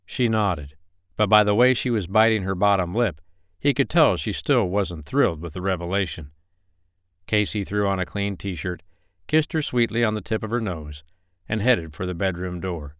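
Deep, smooth-voiced male narrator. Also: moderate pace, fairly bright tone, dry recording, clean studio sound. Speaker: audiobook narrator. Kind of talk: scripted narration.

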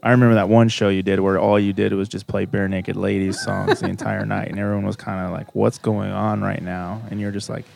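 A man's voice: on the low side, little pitch movement, fast talker, gravelly, few pauses, darkish tone. A man hosting a casual chat, curiously quizzing his guest with questions from a list. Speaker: host.

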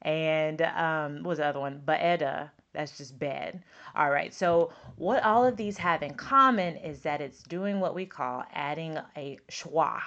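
A woman's voice: low-pitched, unhurried, fairly bright tone, muffled recording. A woman hosting a podcast as a speech pathologist and teacher, chatty and emphatic, repeating words for stress. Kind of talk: casual podcast talk.

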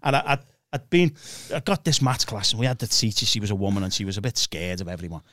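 A middle-aged man telling school stories in a casual chat, animated and laughing. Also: on the low side, quick pace, no echo, clean studio sound. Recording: background noise.

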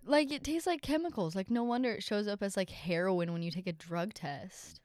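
A young woman co-hosting a podcast with her mother, animated, cutting in and swearing casually. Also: medium pitch, moderate pace, dry recording, clean studio sound. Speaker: podcast co-host, daughter. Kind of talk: casual chat.

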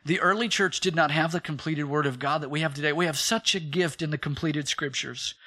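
A man in his thirties preaching a sermon, his voice bright and pitched a touch above the usual male range. He tells stories lively, acting out the people he quotes, and calls on the listeners to repeat lines back to him. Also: fairly quick. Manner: animated storytelling with acted quotes, calls for congregation response. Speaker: pastor.

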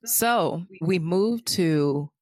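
A woman co-hosting a casual chat about a TV show, animated and profane, who often mimics characters in a higher voice. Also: drawn-out words, no room sound, studio quality. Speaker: podcast co-host.

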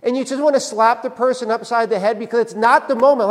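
High-voiced pastor preaching in a reverberant hall. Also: male voice, animated, fairly quick, few pauses. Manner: conversational, repeats "right?" for emphasis. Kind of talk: sermon. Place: church sanctuary.

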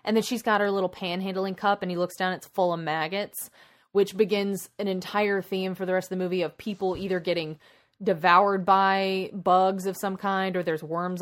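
Woman rambling through a movie plot. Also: mid-range voice. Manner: rambling, animated plot retelling with many asides. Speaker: podcast co-host. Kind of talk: casual chat.

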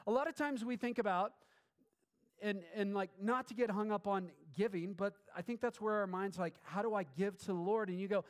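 A man's voice: sits high, moderate pace. A man preaching a sermon as a pastor, conversational with filler words and restarts, rising to bursts of fervent emphasis. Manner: filler-heavy, restarts phrases.

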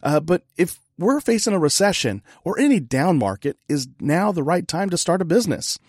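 A man's voice: a little high, big pitch swings, normal speed, slightly rough, no room sound, studio quality. Chatty, laughing man hosting a podcast. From California. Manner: chatty, laughing, self-deprecating. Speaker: podcast host. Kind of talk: casual interview chat.

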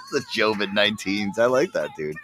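Male podcast host, deep and animated, laughs through profane stories. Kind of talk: casual banter.

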